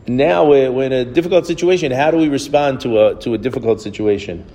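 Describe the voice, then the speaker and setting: A man gives an informal Torah class, telling stories in a loose conversational way. He often repeats and restarts his words, and he acts out the dialogue. His voice sits at an ordinary pitch, and a long reverb hangs behind it in the room. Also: quick pace, warm tone. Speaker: rabbi teaching a class.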